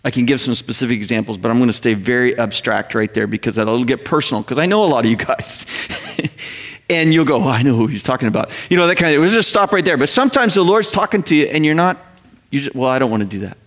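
A middle-aged man preaching a sermon to his church in a conversational, animated way, often acting out the voices he quotes. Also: mid-range voice, fast talker. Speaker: pastor.

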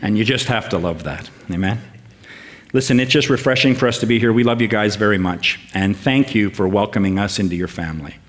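Older guy preaching in church, lowish voice, stops and starts, warm and earnest. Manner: warm, halting with fillers and restarts, builds up with lists. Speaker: guest preacher. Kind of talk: sermon.

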